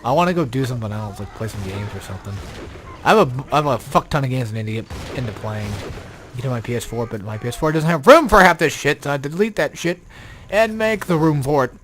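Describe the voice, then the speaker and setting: A man's voice: mid-range voice, expressive, fast talker, fairly bright tone, a little hiss or hum. A young man giving casual, rambling gameplay commentary, tired and yawning, swearing often and turning exasperated, with an odd robotic glitch on his voice. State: sleepy, yawning. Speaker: game guide commentator.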